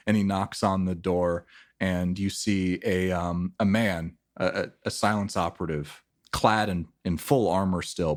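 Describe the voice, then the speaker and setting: Speaking in a low register, a man runs a tabletop role-playing session as its game master. His narration wanders, full of filler words and false starts.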